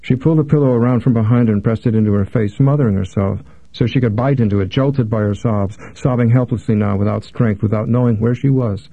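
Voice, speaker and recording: A man narrating a literary audiobook in a measured, somber way. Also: medium pitch, vocal fry, warm tone, dry recording. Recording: dry, tinny phone-like sound.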